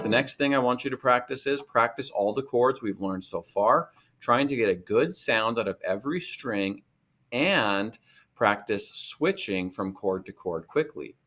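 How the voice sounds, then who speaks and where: A man's voice: mid-range voice, normal speed. A man teaching a guitar lesson, patiently explaining finger positions step by step. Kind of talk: recorded music lesson.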